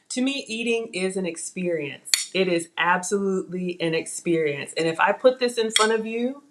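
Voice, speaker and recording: A woman chatting to viewers in a live cooking demonstration, excitable and talking straight to them. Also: on the low side, noisy background. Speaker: cooking vlogger. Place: home kitchen.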